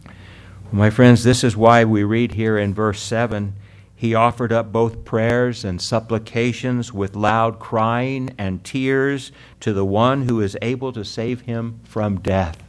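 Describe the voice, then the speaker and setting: A man preaching a sermon to his congregation, earnest, calling them friends and beloved, rising loud on key words and slowing down to read scripture. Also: fairly low pitch, fairly even intonation. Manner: earnest preaching, drops loud then soft for emphasis, slows on scripture. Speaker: pastor.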